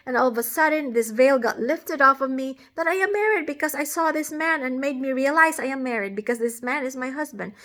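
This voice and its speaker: A woman's voice: fairly high pitch, a bit bright. Earnest woman telling a dream. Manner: rambling, with many restarts and fillers; earnest and emotional. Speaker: vlogger recounting a dream. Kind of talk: casual storytelling.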